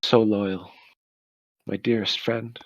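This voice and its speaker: A man voicing the ghost of a young woman, speaking softly and tearfully. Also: on the low side, level tone, slow pace, no room sound, poor audio. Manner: soft, tearful, hushed. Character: weeping young woman's ghost, lonely and gentle.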